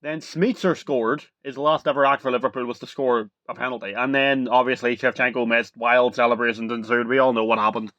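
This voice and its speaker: A young man talking casually to camera as a video reviewer, rambling and excitable, full of "like" and "literally". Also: mid-range voice, a little fast, few pauses, no room sound.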